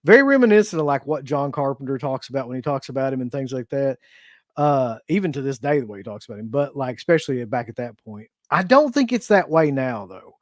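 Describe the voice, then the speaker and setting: A man's voice: mid-range voice, sing-song, fast, no echo, clean studio sound. A man co-hosting a casual discussion, speaking earnestly and laying out his thoughts point by point. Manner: earnest, lays out points in numbered order. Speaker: co-host. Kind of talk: casual talk-show discussion.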